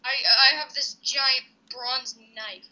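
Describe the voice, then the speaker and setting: Bright, punchy gamer voice, playful and loud, casual commentary. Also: high voice, slow. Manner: excitable, jokey, blurts reactions. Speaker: gamer playing with a friend. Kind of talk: casual gameplay chat. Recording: dull lo-fi mic.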